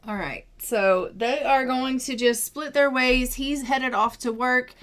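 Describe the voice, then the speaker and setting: A young woman casually narrating a life-sim game, chatty and gushing, thinking out loud as she plays. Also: high voice, slow pace. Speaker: gaming video creator. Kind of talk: casual let's-play commentary.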